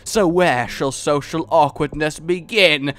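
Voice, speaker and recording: A man hosting a gaming channel, giving excitable, rambling gameplay commentary full of giggles. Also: on the high side, slow.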